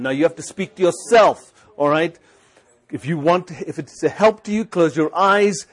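A man's voice: a little high, measured pace. A man preaching a sermon, urging his listeners with repeated rhetorical questions and scripture recited aloud. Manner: exhorting, repetitive, rhetorical questions.

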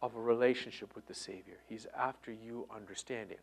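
A middle-aged man preaching a sermon, moving between loud emphatic lines and hushed near-whispers. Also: fairly low pitch, steady tone, fairly quick, creaky, slight background noise. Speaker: pastor.

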